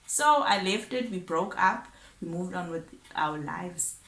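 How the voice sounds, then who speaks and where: A woman's voice: on the low side, animated, unhurried, fairly bright tone. A woman chattily retelling a dramatic personal story, often correcting herself. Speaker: vlogger. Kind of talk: casual storytime. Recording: roomy echo.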